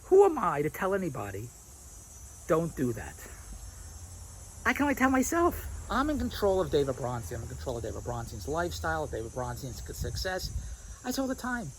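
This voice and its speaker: A man's voice: on the high side, wildly swooping pitch, fast, a little hiss or hum, rough recording. A man vlogging outdoors at a restaurant, rambling and repeating himself, laughing at his own points, with insects chirping behind him. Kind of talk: rambling casual vlog monologue. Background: crickets and insects.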